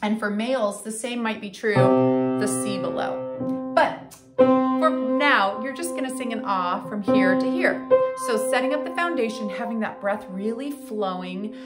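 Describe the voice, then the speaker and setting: A woman voice coach teaching a singing lesson, counting in and demonstrating warm-ups in an encouraging way. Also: on the high side, normal speed, over loud music. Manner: encouraging, counts in and sings along.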